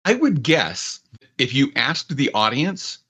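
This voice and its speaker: A man's voice: medium pitch, big pitch swings, slow pace, bright, forceful tone, husky. A man, an author and podcast guest, telling anecdotes and retelling conversations. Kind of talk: storytelling in conversation.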